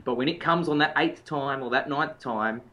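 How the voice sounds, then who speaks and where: A man's voice: mid-range voice, moderate pace, sharp tone. A man co-hosting a motivational podcast as a life coach, talking in an emphatic, coaching way and demonstrating intensity.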